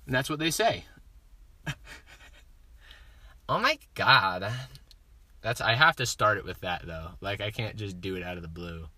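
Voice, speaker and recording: A young man co-hosting a casual podcast in a car, goofy and quick to laugh. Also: fairly low pitch, expressive, no echo. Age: young adult. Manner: goofy, laughing, bursts into yelled voices. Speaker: podcast co-host. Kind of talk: casual chat. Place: parked car.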